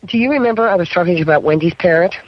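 A middle-aged male paranormal investigator, appearing as a guest on a radio talk show, tells stories at a racing pace in a high-pitched voice. He keeps checking in with the listener by asking "okay?", and the broadcast sounds muffled.

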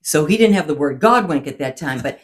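Guest author, woman, reflective and faith-centered, slightly low voice. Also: expressive, brisk. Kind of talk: casual chat.

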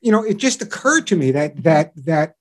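Middle-aged man, pet expert guest; slightly high voice, animated storyteller. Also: normal speed. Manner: animated storyteller acting out owners and dogs. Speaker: pet show radio host and dog trainer, guest. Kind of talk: enthusiastic interview chat.

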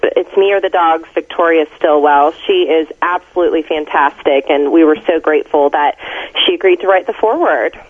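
A woman's voice: deep voice, brisk. A woman author being interviewed, talking in an upbeat, enthusiastic, chatty way. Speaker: author and guest. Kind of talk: interview over the phone. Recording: tinny phone line.

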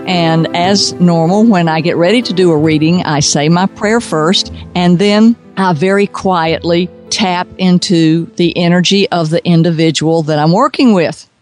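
A woman's voice: on the low side, darkish tone. A woman working as an intuitive consultant, telling a story with animation and acting out the voices in it. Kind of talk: storytelling on a radio podcast.

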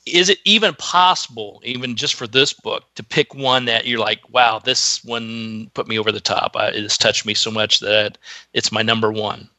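A man's voice: on the low side, moderate pace, bright, forceful tone, no room sound. A man hosting an interview, asking questions in an upbeat, encouraging way. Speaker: host.

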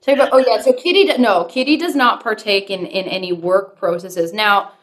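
A woman's voice: medium pitch, fairly quick. A woman who writes songs, chatting on a video call from home, rambling and restarting her sentences as she tells stories. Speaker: guest, songwriter. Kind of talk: casual video call chat. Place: home with a studio.

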